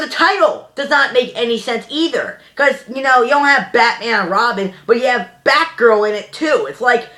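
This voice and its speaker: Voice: mid-range voice, sharp tone. Rambling young movie reviewer. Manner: rambling, heavy with "you know" fillers, exasperated. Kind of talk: casual ranting movie review.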